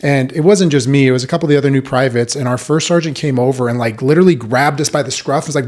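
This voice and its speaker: A man in his thirties hosting a podcast, chatting casually and telling his own army stories with animated retellings. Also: medium pitch, quick pace, hardly any pauses. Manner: animated, acts out quoted voices. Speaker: podcast host. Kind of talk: casual conversational interview.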